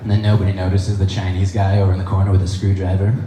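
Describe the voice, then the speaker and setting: A man's voice: low voice, monotone, racing. A young man doing a stand-up comedy set on stage, with chatty, nerdy, self-deprecating delivery. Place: comedy stage before an audience. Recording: echoey room with noise.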